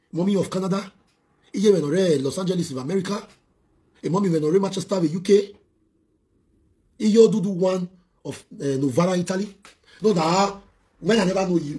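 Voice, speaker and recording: Nigerian guy scornfully ranting on a live video, kinda high-pitched. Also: darkish tone. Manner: mocking, scornful, rhetorical questions. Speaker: social media personality. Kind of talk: heated live-video rant.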